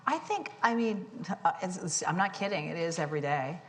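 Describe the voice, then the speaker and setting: A woman guest speaker talking onstage to students, candid and animated, poking fun at herself. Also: fairly low pitch, fairly quick. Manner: candid, animated, self-deprecating. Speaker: guest speaker, company CEO. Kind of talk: onstage conversation. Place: lecture hall with audience. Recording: long hall reverb, faint noise.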